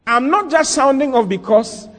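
Emphatic preacher in an echoey hall. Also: male voice, extremely high pitch, expressive, moderate pace, a bit bright. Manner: emphatic, with rhetorical questions and "Hey!" interjections. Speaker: pastor. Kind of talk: sermon.

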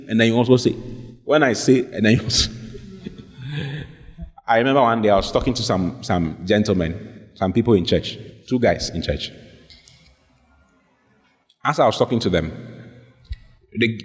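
A male pastor preaching a sermon, telling a story and acting out both sides of the conversations. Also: mid-range voice. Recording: echoey hall reverb.

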